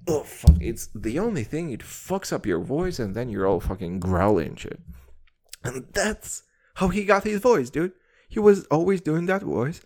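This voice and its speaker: A man's voice: medium pitch, unhurried. A young man from Kazakhstan, telling a heated story in a casual rant, swearing constantly and calling everyone dude. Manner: heated, animated, laughs at his own story.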